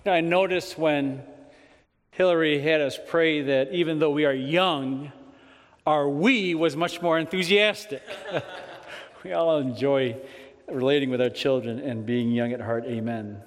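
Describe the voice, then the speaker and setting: A man speaking as a pastor, giving church announcements in a gentle, measured way with a few fillers. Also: mid-range voice. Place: church sanctuary. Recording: long reverb of a church sanctuary.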